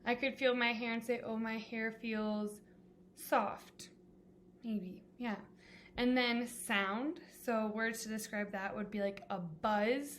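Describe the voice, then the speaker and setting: A woman's voice: on the high side, steady tone, slow, fairly bright tone, a little hiss or hum. A woman teacher giving a classroom lesson, explaining patiently and step by step with examples.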